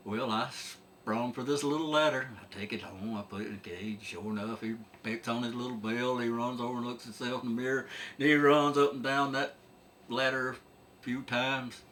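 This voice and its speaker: Folksy man with a bright voice. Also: medium pitch, a little hiss or hum. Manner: drawling, laughs at his own tale. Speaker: storyteller. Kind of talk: folksy comic storytelling.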